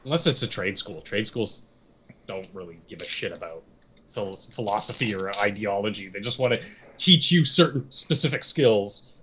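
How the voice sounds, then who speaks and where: A man's voice: fairly low pitch, lively intonation, moderate pace, background noise. A man co-hosting a podcast in casual chat, rambling and opinionated and swearing freely. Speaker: podcast co-host.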